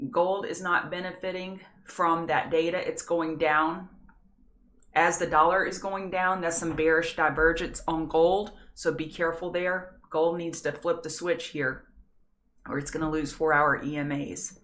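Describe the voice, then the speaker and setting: Low-voiced woman talking markets. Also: fairly even intonation, measured pace, fairly bright tone. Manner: chatty, self-deprecating, scattered asides. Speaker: trading show host. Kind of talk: live market analysis stream.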